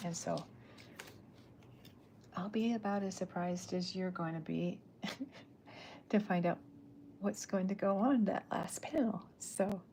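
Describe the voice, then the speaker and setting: Soft-spoken, gravelly woman artist. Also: mid-range voice, slight background noise. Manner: chatty, rambling, drifting into whispers. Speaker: artist streaming while drawing comics. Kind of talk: soft-spoken ASMR livestream.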